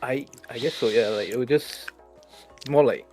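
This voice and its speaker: A man playing in a casual tabletop session, giving hesitant, halting answers about his character. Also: medium pitch, a little mellow, soft background music. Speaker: player.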